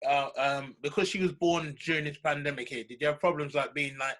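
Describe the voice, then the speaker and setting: A man's voice: fairly high pitch, steady tone, a little fast, a bit bright, low-quality recording. A man in casual conversation, earnest and asking friendly questions.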